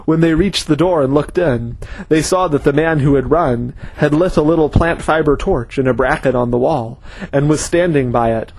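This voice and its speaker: A man reading a story aloud as narrator in a steady, measured way. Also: medium pitch, breathy edge, poor audio. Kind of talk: audiobook reading.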